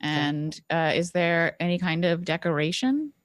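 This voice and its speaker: A woman's voice: on the low side, expressive, measured pace, dry recording, clean studio sound. A woman playing a tabletop game in a casual, questioning way. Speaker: player. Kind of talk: tabletop role-play.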